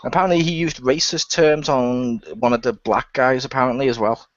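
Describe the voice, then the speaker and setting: A man co-hosting a casual wrestling chat, talking in a sarcastic, animated way. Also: medium pitch, normal speed. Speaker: podcast co-host. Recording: dull dry lo-fi audio.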